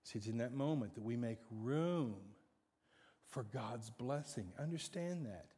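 A man preaching a sermon, dramatic, swinging from hushed to loud. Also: mid-range voice, lively intonation, measured pace, slightly rough. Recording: long hall reverb.

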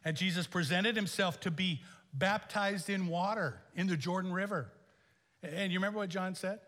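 A man preaching a sermon as pastor, animated, with chuckles and emphatic questions. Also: high-pitched, normal speed. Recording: echoey hall.

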